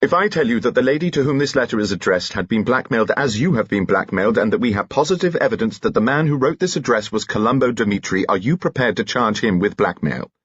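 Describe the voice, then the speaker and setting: A man voicing a calm, methodical male police inspector in an audiobook, quiet and matter-of-fact. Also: mid-range voice, fast talker, hardly any pauses, slightly rough, no echo, dull audio, pitched above the performer's own voice.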